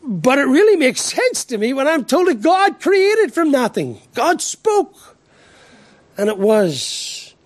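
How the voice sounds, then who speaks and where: A man's voice: very high-pitched, wildly swooping pitch, slow pace, no echo. An Irish man preaching a sermon, emphatic, asking rhetorical questions and often repeating his first word as he restarts. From Ireland.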